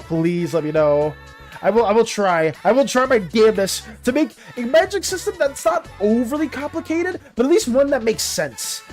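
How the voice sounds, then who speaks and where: Rambling streamer, very lively pitch. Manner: rambling, many restarts and fillers, reads chat aloud. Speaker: streamer and artist. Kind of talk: casual chat with viewers while drawing. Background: faint background music.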